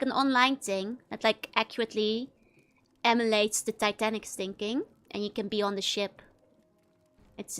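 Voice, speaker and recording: A woman's voice: fairly high pitch, a bit bright. A woman streamer giving casual, playful commentary over a game, chatty and often giggling.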